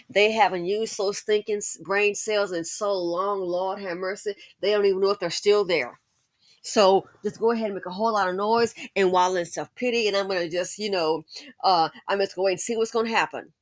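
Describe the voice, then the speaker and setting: A woman hosts a commentary channel, delivering an emphatic, preachy monologue and repeating her points for force. Her voice is mid-range, recorded with no echo.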